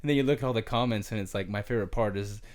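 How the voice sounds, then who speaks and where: A man co-hosting a podcast, telling a long rambling story in a casual, animated way with lots of fillers. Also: on the low side, rapid-fire, a little hiss or hum. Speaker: podcast co-host, retired pro baseball player.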